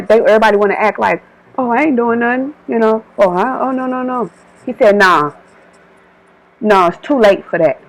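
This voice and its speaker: A woman's voice: on the high side, low-quality recording. A woman delivering an informal channeled spiritual message, emphatic and repetitive, switching between her own words and quoted divine warnings.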